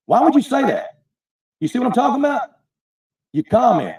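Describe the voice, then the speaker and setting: A man's voice: very high voice, wildly swooping pitch, normal speed, creaky, darkish tone, distant mic. An angry man ranting profanely in defense of himself on a livestream. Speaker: online streamer defending himself.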